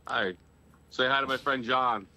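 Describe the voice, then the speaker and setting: A man's voice: medium pitch, fairly even intonation, measured pace, sharp tone, low-quality recording. A man calling in to a live stream, teasing the host with dry humor. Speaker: caller. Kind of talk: casual chat.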